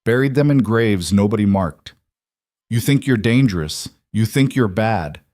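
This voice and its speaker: A man voicing a tired, quietly defiant old gunslinger in a western story, speaking quietly and flatly. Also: on the low side, a little slow, no room sound. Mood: quiet defiance. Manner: quiet, flat, world-weary.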